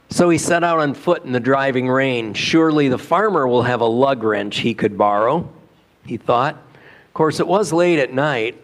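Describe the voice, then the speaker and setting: A male pastor preaching a sermon in a church, telling a story in a conversational way with rhetorical questions. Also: mid-range voice. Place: church sanctuary.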